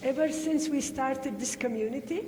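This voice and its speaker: High-voiced older woman with an Oromo accent. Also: normal speed, warm tone, slight background noise. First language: Afan Oromo. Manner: coaxing call-and-response, repeating phrases. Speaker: community elder. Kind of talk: speech to children at a community gathering. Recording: reverberant hall with faint ambience.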